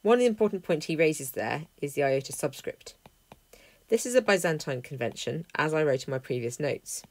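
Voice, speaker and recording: A woman teaching a language lesson, explaining clearly and methodically, working through a text word by word. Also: sits low, expressive, a little fast, a little mellow, dry recording. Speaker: Greek teacher. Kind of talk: lesson walkthrough.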